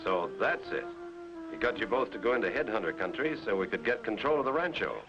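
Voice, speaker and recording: An actor playing a steady adventurer hero who gives calm, decisive commands, on a noisy old cartoon soundtrack. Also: male voice, fairly low pitch, a little fast, lo-fi sound, over music, lightly acted. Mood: resolute. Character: Clutch Cargo, steady square-jawed adventurer hero.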